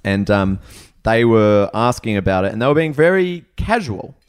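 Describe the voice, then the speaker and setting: Animated man telling a story. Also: on the low side, normal speed, smooth. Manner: animated storytelling, laughs often. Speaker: comedian podcast guest. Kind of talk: casual chat.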